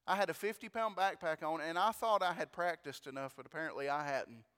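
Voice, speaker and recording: In a large church hall with long, ringing reverb, a male preacher delivers a brisk storytelling sermon. His high voice is smooth and resonant, and he speaks animatedly, doubling words and exclaiming praise.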